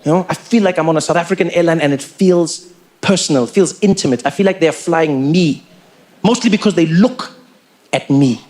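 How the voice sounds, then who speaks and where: A man doing stand-up comedy storytelling, animated and playful, slipping into quick impressions. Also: fairly high pitch.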